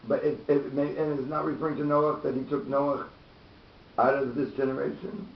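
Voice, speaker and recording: A man's voice: little pitch movement, normal speed, vocal fry. A man, a student in a class discussion, asking questions and thinking aloud. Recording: roomy dull lo-fi class recording with faint rumble.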